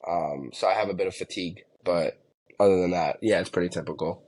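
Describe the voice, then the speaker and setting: Deep-voiced rambling man from New Jersey. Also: fairly quick, a little mellow. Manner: rambling, filler-heavy. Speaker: podcast guest. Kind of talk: casual storytelling.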